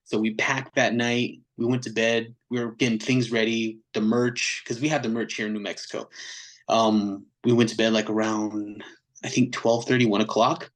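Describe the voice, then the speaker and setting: A man's voice: on the low side, normal speed, low-quality recording. A man, a metal band vocalist, chatting casually as a podcast guest and telling a story with lots of slang, acting out what people said. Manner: animated, slangy, acts out quotes in other voices.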